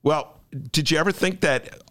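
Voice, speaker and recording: A man's voice: a little high, moderate pace, fairly bright tone, no room sound, studio quality. A man hosting a political talk radio show, riffing sarcastically with jokey asides to his listeners.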